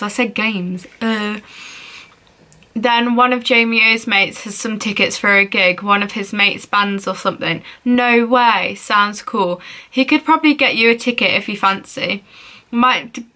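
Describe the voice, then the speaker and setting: A woman's voice: medium pitch, pushed and bright. A young woman vlogging as she plays a phone game, reading messages aloud in a playful, giggly way.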